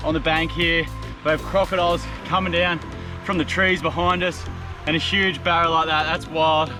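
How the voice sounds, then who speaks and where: A young man fishing and filming outdoors on a mangrove beach, talking casually and exclaiming loudly when excited. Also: fairly high pitch, normal speed. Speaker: fishing adventure vlogger. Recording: background music over outdoor audio.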